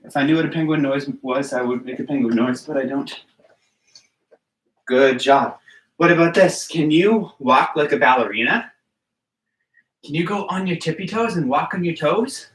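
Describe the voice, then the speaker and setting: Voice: medium pitch, normal speed, long pauses. A gymnastics coach leading a children's movement class, counting aloud and encouraging small children and their parents. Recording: roomy, distant from the mic.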